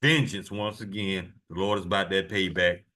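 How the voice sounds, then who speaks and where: A man's voice: low-pitched, steady tone, normal speed, bright, forceful tone. A man preaching fiery sermons, reading verses aloud in solemn tones and then taunting his enemies with profanity.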